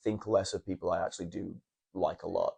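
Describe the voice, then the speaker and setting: A man's voice: deep voice, flat delivery, brisk, vocal fry, darkish tone, husky. A young man, a wrestler, telling long stories in a casual podcast chat in a hotel room, with restarts and swearing. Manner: rambling storytelling, frequent restarts and swearing.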